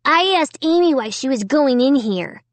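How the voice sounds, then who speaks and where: A woman's voice: high-pitched, lively intonation, moderate pace, dry recording, pitched above the performer's own voice. A woman reading a storybook, voicing a pesky little brother who whines and pleads. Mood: whiny. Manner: whiny, pleading.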